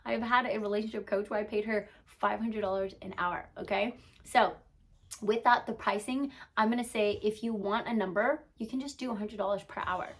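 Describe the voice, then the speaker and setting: A young adult woman, a business and mindset coach, giving an energetic motivational talk to camera, peppered with "like" and asking "okay?" as she goes. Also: medium pitch, moderate pace. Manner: energetic, emphatic, frequent "like" and "okay?" check-ins.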